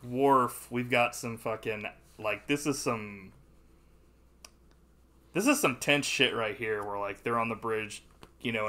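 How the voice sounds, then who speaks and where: A man co-hosting a casual podcast, chatting about a movie with lots of swearing, laughter and loud quoted voices. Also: medium pitch. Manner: profane, laughing, bursts into loud impressions. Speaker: podcast co-host.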